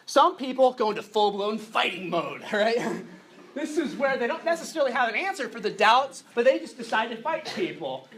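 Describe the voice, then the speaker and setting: Man giving an animated youth seminar. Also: extremely high pitch, moderate pace. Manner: conversational, swings between hushed and animated. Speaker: seminar speaker. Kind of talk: youth conference talk. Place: conference hall with an audience.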